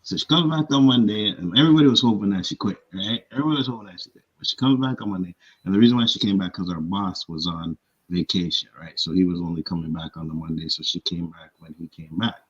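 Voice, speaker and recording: A deep, husky-voiced man spins a workplace story on a panel talk show. He is animated and swears freely. The sound is a little dull and lo-fi. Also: quick pace. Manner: animated storyteller, profane, acts out others' lines. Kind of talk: casual chat.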